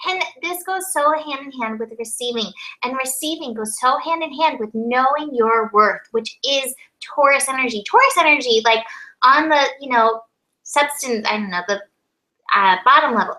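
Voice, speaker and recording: A woman's voice: high-pitched, pushed and bright, rough recording. A woman co-hosting a tarot chat, upbeat and enthusiastic, often giggling. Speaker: co-host tarot reader. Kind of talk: casual spiritual chat.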